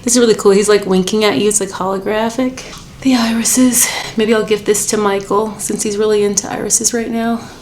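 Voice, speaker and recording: A woman's voice: medium pitch, fairly even intonation, brisk, darkish tone, a little hiss or hum. A young woman from the United States, chatting casually and bubbly as a travel vlogger, laughing often. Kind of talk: casual vlog chat. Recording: music playing behind.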